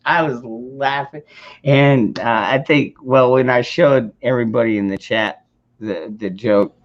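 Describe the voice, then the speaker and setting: A man's voice: mid-range voice, a little slow. A man hosting a casual livestream chat, rambling with lots of restarts and swearing freely. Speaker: livestream host. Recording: dull lo-fi stream audio.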